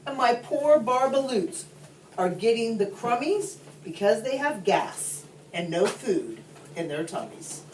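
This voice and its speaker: Woman putting on a small grumpy male creature, scolding rhymes, lively high pitch, distant mic. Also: echoey room, a little hiss or hum. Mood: indignant. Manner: scolding, slow, rhyming speech.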